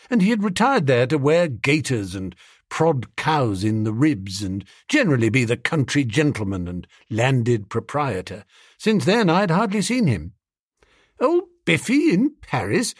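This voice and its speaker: A man's voice: mid-range voice, no echo, studio quality. A man reading a comic story aloud in a jaunty first-person narration. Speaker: audiobook narrator.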